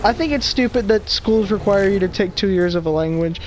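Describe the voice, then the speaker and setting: A teenage podcast host in casual chat, griping about school and telling stories with animation. The voice sits at a medium pitch, with a faint hiss behind it. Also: a little fast. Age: teens. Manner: complaining, animated storytelling.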